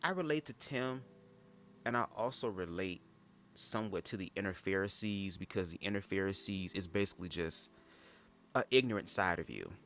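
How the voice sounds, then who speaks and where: A man's voice: deep voice, normal speed, a bit bright, slight background noise. A young man giving sassy, chatty commentary on a livestream, often calling listeners "girl". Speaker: livestream host reading a book aloud.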